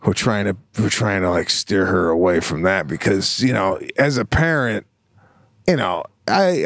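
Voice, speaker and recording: A man's voice: lowish voice, no room sound, clean studio sound. A man co-hosting a podcast, telling stories in a laid-back, casual way with laughs. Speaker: podcast co-host. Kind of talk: casual chat.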